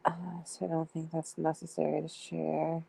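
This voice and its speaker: Low gravelly-voiced woman streamer. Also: monotone, normal speed, mellow, slight background noise. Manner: reads both sides of a chat aloud, giggling often. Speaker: streamer reading out chat messages. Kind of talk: casual live-stream storytelling.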